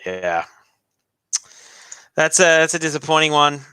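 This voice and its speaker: A man's voice: on the high side, lively intonation, a little slow, pushed and bright, smooth, no room sound. A man from Australia with a refined, slightly British-leaning accent, hosting a live stream and giving chatty, joking hockey reaction commentary with frequent laughs.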